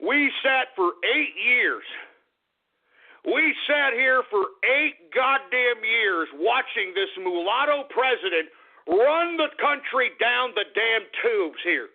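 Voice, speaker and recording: A man hosting a talk radio show, ranting in a gloating, mocking way, shouting and cackling. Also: very high-pitched, lively intonation, slow. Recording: phone-like lo-fi radio broadcast.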